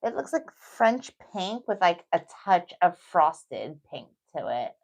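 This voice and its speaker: A middle-aged woman with a New York accent talks her way through a nail tutorial in a relaxed, chatty manner. Her voice sits a little low and she reassures the viewer as she works. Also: slow. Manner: chatty, reassuring, thinks aloud while working. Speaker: nail technician. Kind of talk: casual tutorial talk.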